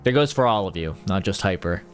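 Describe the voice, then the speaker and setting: A man's voice: sits low, animated, quick pace, faint music behind. A man streaming casually, rambling and joking about games and mocking himself. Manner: rambling, jokey, self-mocking. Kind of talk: casual livestream chat.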